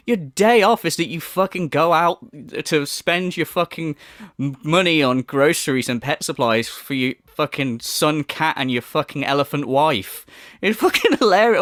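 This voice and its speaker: Profane man ranting, lively pitch. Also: moderate pace, no echo, clean studio sound. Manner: profane, mocking, exasperated. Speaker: commentary YouTuber. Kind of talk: ranting video commentary.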